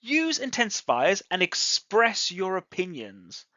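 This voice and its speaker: A bright, expressive voice with a lively rise and fall in pitch, taking everything slowly as it explains grammar to learners. The sound is close and dry, with a slightly dull, lo-fi quality. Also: dry recording. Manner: slow, clearly enunciated teaching delivery. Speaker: English teacher. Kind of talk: ESL grammar lesson.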